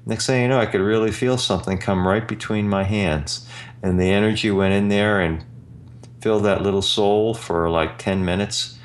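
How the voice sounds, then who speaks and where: A man hosting a talk radio show, slowly and earnestly telling a personal story. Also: on the low side. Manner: slow, earnest anecdote telling.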